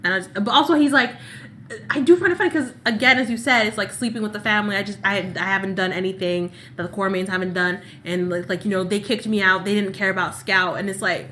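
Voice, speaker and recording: A woman's voice: medium pitch, fast talker, bright, forceful tone, slight background noise. A woman co-hosting a casual soap opera recap, talking in long, exasperated run-on rants. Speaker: podcast co-host.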